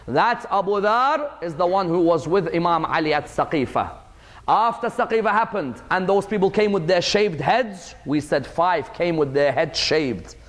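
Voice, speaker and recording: A man's voice: a little high, in a large hall. A man giving a religious lecture, telling stories emphatically with plenty of repetition.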